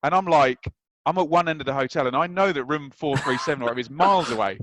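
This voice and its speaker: Man in his thirties from England, guest storyteller; acts out his anecdotes, fairly high voice, dry sound. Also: fast, no echo, poor audio. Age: 30s. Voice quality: lively storyteller who acts out scenes. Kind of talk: anecdotal chat.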